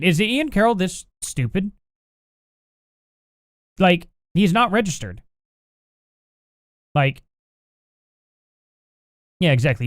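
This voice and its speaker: A man hosts a live stream, reading the chat aloud and firing back with combative, sarcastic, exasperated rants, plainly angry. His voice is medium-pitched with a clean tone, no echo and clean studio sound, and the whole thing plays as heated live-stream commentary.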